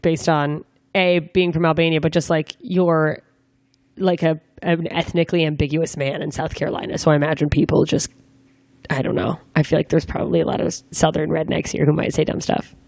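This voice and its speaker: A woman's voice: deep voice, flat delivery, fairly quick, creaky, darkish tone, no room sound, clean studio sound. A young woman interviewing a guest in a casual chat, asking rambling, joking questions with lots of fillers. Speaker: interviewer, comedian.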